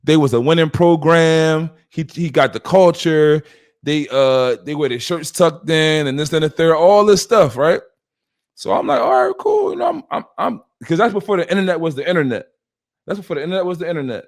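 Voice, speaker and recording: Man telling a lively story. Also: fairly high pitch, a little fast. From West Philadelphia. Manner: acts out quoted dialogue with shifting voices. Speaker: podcast host. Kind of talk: animated storytelling.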